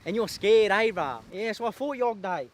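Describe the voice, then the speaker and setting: A man voicing a threatening young Australian lad in a voice message, with bogan slang and drawn-out "brah". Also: high-pitched, lively intonation, slight background noise. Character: threatening young male lad, swaggering tough.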